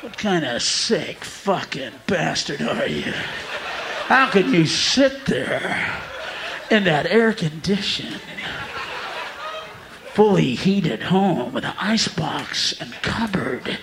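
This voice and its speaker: A man voicing a male charity ad announcer who slowly accuses and then yells at viewers, recorded live with a noisy crowd behind. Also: on the high side, big pitch swings, gravelly, pitched below the performer's own voice, heavily acted. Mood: accusing. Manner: slow, accusing, then yelling.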